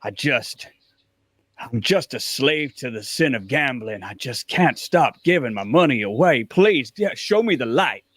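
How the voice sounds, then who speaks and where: A man's voice: on the low side, moderate pace, no echo, voice pushed down, close to an everyday voice. A man voicing a sly male gambler who puts on a pious, sorrowful show, pleading theatrically. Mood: fake sobbing.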